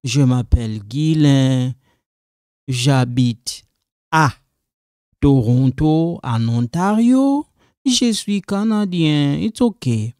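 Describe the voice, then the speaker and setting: A man walks through a French quiz, his delivery unhurried and deliberate. He repeats each phrase patiently so learners can follow, and the recording sounds dry and close. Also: fairly high pitch, expressive, warm tone, smooth, no room sound. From Congo. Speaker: French teacher. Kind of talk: quiz walkthrough lesson.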